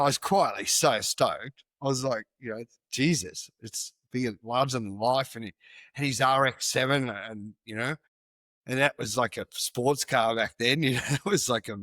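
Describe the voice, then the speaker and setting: A middle-aged man with an Australian accent spins loose, rambling stories with frequent laughs and casual swearing. His voice sits at an ordinary middle pitch and is recorded close and dry, with no room sound around it. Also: a bit bright, no room sound. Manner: rambling, laughing, swears freely, restarts a lot. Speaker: guest, big wave surfer. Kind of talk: casual storytelling interview.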